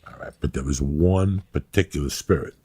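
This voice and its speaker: Very raspy deep-voiced man telling stories. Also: normal speed. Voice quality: very raspy and gravelly. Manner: animated, rambling, acts out scenes. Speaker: podcast host. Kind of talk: casual storytelling chat.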